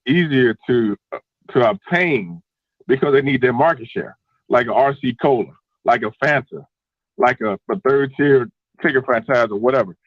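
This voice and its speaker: A stuffy, congested male caller giving steady advice on a call-in show. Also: medium pitch, dry recording. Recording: dull, slightly lo-fi line.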